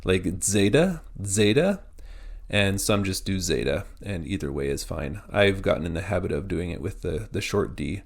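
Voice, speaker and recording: A man teaching a pronunciation lesson, spelling out words letter by letter in a slow, methodical way. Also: low-pitched, creaky.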